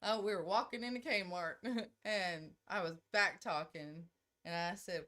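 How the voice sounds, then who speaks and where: A middle-aged woman, co-hosting a casual chat and telling brash, loud stories with laughter. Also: medium pitch, normal speed, a little hiss or hum. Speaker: podcast co-host.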